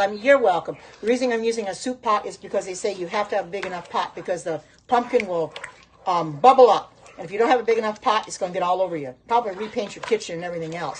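A woman's voice: mid-range voice, slight background noise. A middle-aged woman hosting a casual phone livestream from her home kitchen, chatting while she cooks, reacting aloud to viewer comments and exclaiming often. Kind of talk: casual live-stream chat while cooking.

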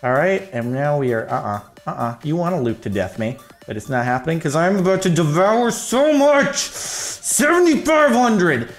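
Gaming host, male, slightly high voice, excitable and rambling, faint music underneath. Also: a little fast, hardly any pauses. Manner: excitable, jokey, rambling with frequent laughs. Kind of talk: casual gameplay commentary.

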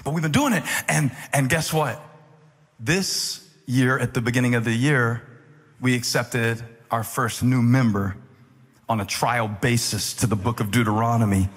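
A man preaching with a husky, slightly breathy voice that rings through a big echoing hall. He tells his stories with jokes and easy banter, then climbs into loud, emphatic preaching. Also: mid-range voice, measured pace. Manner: animated, joking, rising to loud emphatic preaching. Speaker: pastor. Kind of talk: humorous storytelling sermon. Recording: echoey hall reverb.

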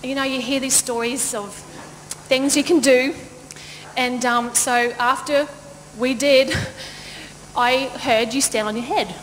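Woman, pastor, storytelling sermon, high voice, long hall reverb, faint background noise. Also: a little slow. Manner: lively, laughing, acts out quoted voices. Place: church auditorium.

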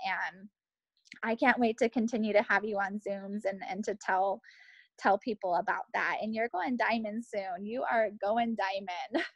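A woman's voice: a little high, creaky, no echo, low-quality recording. A woman leading a team video call, gushing with effusive praise. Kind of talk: casual live video chat.

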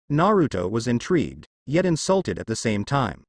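A man narrating a fan fiction story in an expressive storytelling manner. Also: medium pitch, moderate pace, dry recording, studio quality.

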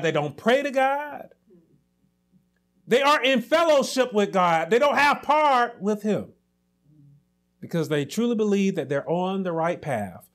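A man pastor delivering a sermon, preaching emphatically with repeated phrases and rising to shouts. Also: sits high, sing-song, slow pace.

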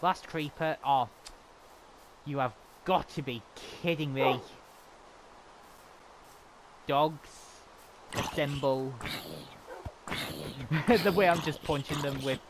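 A man giving excitable, chatty commentary while playing a game. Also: a little high, slow, long pauses, background noise. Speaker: gamer. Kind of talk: casual gameplay commentary.

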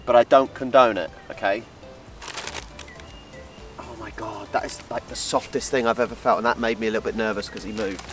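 A man from England, chatting excitedly in a casual travel vlog at an outdoor wildlife park. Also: fairly low pitch, fast, hardly any pauses, faint music behind. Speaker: travel vlogger.

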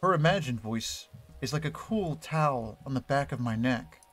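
A man reading the inner thoughts of a calm, young masked wanderer from a game, quiet and reflective. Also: mid-range voice, moderate pace, faint music behind, lightly acted.

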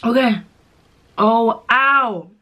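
A woman's voice: fairly high pitch, drawn-out words, bright, forceful tone. A young woman in a casual eating vlog, talking in a dorm room, swearing and gasping at the heat of the food. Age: young adult. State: in pain from spice, coughing. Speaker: vlogger. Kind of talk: casual mukbang chat.

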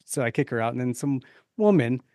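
A man's voice: medium pitch, animated, brisk, darkish tone, no echo. Man, East Coast origin, brash, profane, casual podcast co-host, dry sound. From East Coast of the United States. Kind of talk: casual chat.

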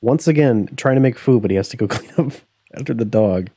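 Young male streamer, foul-mouthed and jokey, warm husky voice, dry close sound. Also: medium pitch, animated, brisk, no room sound. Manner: profane, joking, laughs often. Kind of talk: casual live-stream commentary while playing.

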